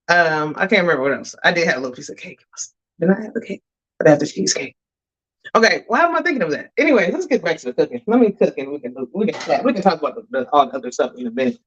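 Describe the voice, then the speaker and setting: A woman's voice: lowish voice, a bit bright, muffled recording. A woman chatting with her viewers while she cooks on a live stream, calling them y'all. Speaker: cooking vlogger. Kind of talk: live-stream cooking chat. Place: home kitchen.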